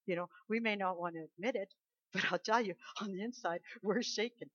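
A woman preacher delivering a sermon with emphatic conviction, rising to loud declarations and dropping to soft asides. Her voice sits at a middling pitch. The recording is muffled and lo-fi, with a dry, close sound. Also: a little fast, dry recording.

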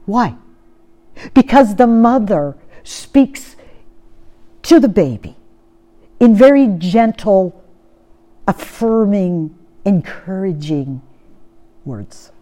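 A woman preaching a sermon in an earnest way. She poses rhetorical questions and often sinks to a soft tone. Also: medium pitch, lively intonation, drawn-out words, pauses often.

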